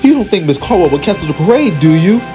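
A man's voice: fairly high pitch, big pitch swings, fairly quick, over music, pitched above the performer's own voice, rough recording. A man voicing an anxious, whiny young male train engine who speaks frantically. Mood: worried whining. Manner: frantic, whinging.

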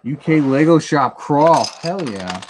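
A man chats casually on a live stream while building something at home, rambling through his answers to chat messages. His voice is a little high, with lively intonation and a slow pace, and the home stream audio is noisy.

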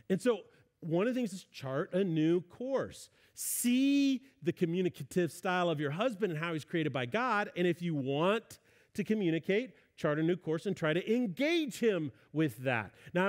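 A man's voice: sits high, a little mellow. A middle-aged male pastor giving a conversational sermon, acting out what husbands and wives say. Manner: conversational preaching, acts out spouses' voices.

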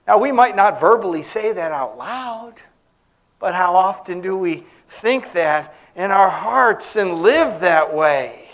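A male preacher with a fairly high voice delivers a sermon in a church. He builds his points through storytelling and humorous anecdotes, with a relaxed conversational flow. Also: slow pace.

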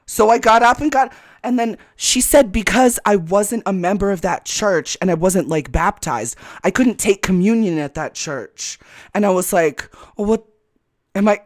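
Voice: mid-range voice, normal speed. A podcast co-host telling a story in casual chat, acting out quotes and laughing often.

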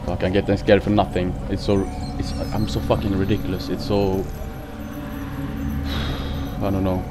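A man's voice: deep voice, level tone, normal speed. A man commentating a horror game, easily frightened, swearing a lot, shrieking and talking himself down with repeated reassurances. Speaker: gameplay commentator. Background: game music.

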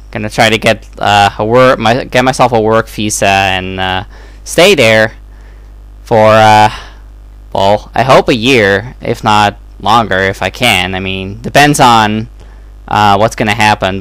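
A man's voice: fairly low pitch, fairly bright tone, clean tone, no echo. A young man from the Netherlands giving a casual, hesitant update to his channel, with many ums and restarts. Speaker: YouTube let's-play creator.

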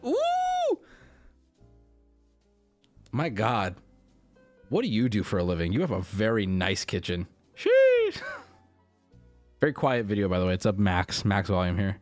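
A man hosting a live stream and reacting to viewer media. He is excitable and swears a lot, swinging from mumbled asides to loud yells. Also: low-pitched, moderate pace, long pauses, soft background music. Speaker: streamer host.

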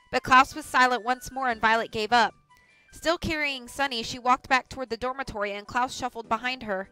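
A woman reading a children's novel aloud on a livestream, with clear, measured storytelling. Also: a little high, bright, forceful tone, soft background music, low-quality recording. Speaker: audiobook reader.

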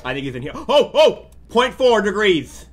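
A man hosting a game session with friends, talking excitably and yelping when startled. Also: high-pitched, moderate pace. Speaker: gaming host.

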